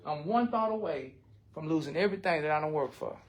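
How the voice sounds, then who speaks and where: A man's voice: fairly high pitch, lively intonation, fast. An older man, speaking bluntly and with heart in a recovery support circle, often swearing. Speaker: recovery group member.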